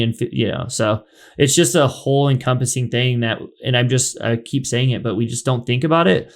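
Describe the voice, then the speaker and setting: A man's voice: mid-range voice, brisk. Chatty rambling male podcast host. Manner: rambling, filler-heavy, chatty. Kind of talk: casual interview chat.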